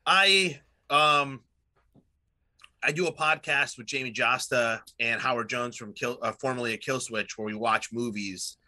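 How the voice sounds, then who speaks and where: A man's voice: medium pitch, a little slow, bright, forceful tone. A man in his thirties chatting casually on a podcast, rambling with lots of fillers and swearing. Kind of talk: casual chat.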